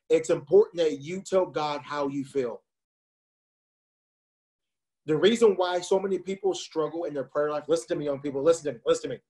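A man's voice: fairly high pitch, mellow. A man in his twenties preaching with passion to young people over a video call, often saying "listen to me". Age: 20s. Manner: impassioned, repeats "listen to me". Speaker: youth speaker.

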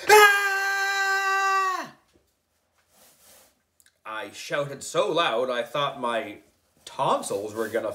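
A man reading a children's novel aloud, giving the lines animated, lively delivery. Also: medium pitch. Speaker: reader.

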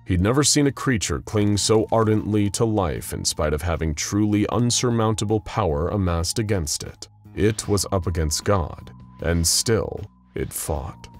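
A man narrating a scripted story with dramatic storyteller pacing. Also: sits low. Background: faint music.

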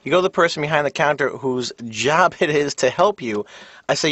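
A man's voice: medium pitch, fairly quick, dry recording. A man from New York City with a New York accent, telling ranting stand-up style stories as a therapy patient in a cartoon. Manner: animated, ranting, breaks into voices. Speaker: comedian patient. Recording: slightly dull lo-fi TV audio.

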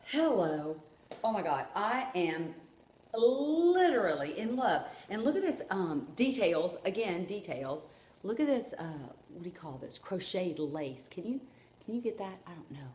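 Woman, gushing unboxing vlog, lively up-and-down voice, low-ish pitch, echoey home room. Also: normal speed. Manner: gushing, enthusiastic, rambling. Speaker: vlogger. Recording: echoey room with faint ambience.

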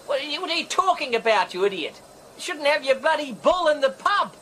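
An actor with a New Zealand accent playing a rambling, apologetic band manager juggling phone calls in a radio sitcom. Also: male voice, high voice, expressive, a little slow, fairly bright tone, slight background noise, low-quality recording. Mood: indignant. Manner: rambling, apologetic, easily flustered. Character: flustered male manager fielding phone calls.

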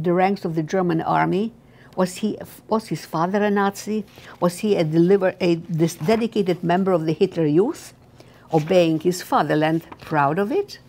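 A woman's voice: fairly low pitch, darkish tone. Elderly woman reading her memoir. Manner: slow, halting reading with restarts. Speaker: memoir author.

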